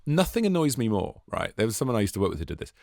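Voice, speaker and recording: Lively podcast co-host. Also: male voice, lowish voice, racing, creaky, no echo, studio quality. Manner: animated, jokey, exaggerated storytelling. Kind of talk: casual chat.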